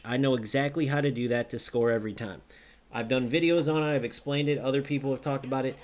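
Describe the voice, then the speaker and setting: A man giving live gameplay commentary on a football video game, ranting and arguing with viewers in an animated, direct way. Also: medium pitch, quick pace.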